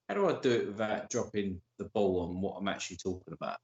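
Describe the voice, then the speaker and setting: A man hosting a casual live stream, his pitch leaping up and down as he acts out both sides of an argument and swears freely. The sound is roomy and dull, like a lo-fi home setup. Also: animated, quick pace, hardly any pauses, a little mellow. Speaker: streamer host.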